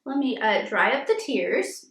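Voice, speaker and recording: A woman's voice: fairly high pitch, big pitch swings, a little slow, fairly bright tone. A woman in her thirties, a first-time mom, answering viewer questions in a chatty vlog, filling her talk with frequent "like"s. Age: 30s. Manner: chatty, filler-heavy with frequent "like". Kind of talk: casual Q&A vlog. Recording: echoey room.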